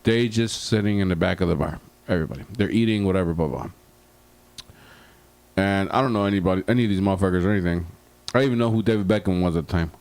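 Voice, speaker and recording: A man co-hosting a podcast, telling a long, rambling bar story full of swearing in a casual, animated way. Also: low-pitched, quick pace, dry recording. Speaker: podcast co-host.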